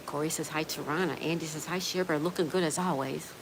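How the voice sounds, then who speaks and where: A woman's voice: low voice, fairly even intonation, fast talker, background noise. A woman from Florida hosting a livestream, chatting and reading viewer messages aloud. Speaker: livestream host. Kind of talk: reading live chat aloud. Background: rain ambience.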